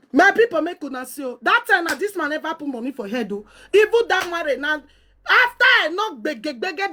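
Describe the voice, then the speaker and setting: A woman's voice: high voice, fairly bright tone. A woman with a Nigerian accent delivering a heated, scolding rant, hurling insults and repeating herself.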